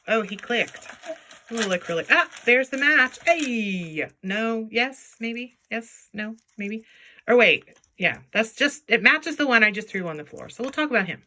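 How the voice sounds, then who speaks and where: A playful woman chats as she sorts through jewelry, talking to the pieces as if they were pets. Her voice is bright and keen, and it swoops up and down in a lively way. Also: fairly high pitch, measured pace, slight background noise. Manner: chatty and playful, talks to objects in silly voices. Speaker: jewelry reseller vlogger. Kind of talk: casual chat while sorting jewelry.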